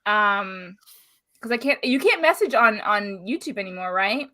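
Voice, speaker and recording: A woman's voice: mid-range voice, lively intonation, a little slow, pushed and bright, low-quality recording. A woman hosting a casual live-stream chat over a video call, full of crude joking banter. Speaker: host.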